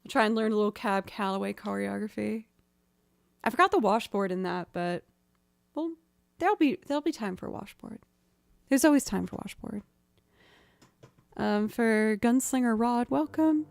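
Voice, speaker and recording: A woman musician chatting casually with her stream viewers, self-deprecating and laughing often, her pitch jumping up when she is surprised. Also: normal speed, vocal fry, long pauses, dry recording, studio quality. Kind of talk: casual live-stream chat. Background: faint music.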